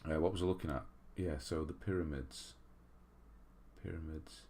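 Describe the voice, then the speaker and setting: A man's voice: extremely low pitch, moderate pace, mellow, a little hiss or hum. A man from England hosting a livestream in a casual, chatty way, reading viewer messages aloud and laughing at himself. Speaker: livestream host reading chat.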